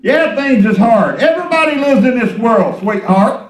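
A man preaching a sermon as pastor. He preaches with emphasis and hallelujahs, sometimes dropping to a low aside. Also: expressive, normal speed, echoey room, distant mic, rough recording. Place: church sanctuary.

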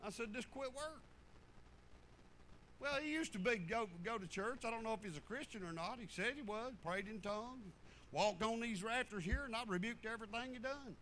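A man preaching a folksy sermon, swinging from fervent loud passages to low muttered asides. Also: brisk, slight background noise, poor audio.

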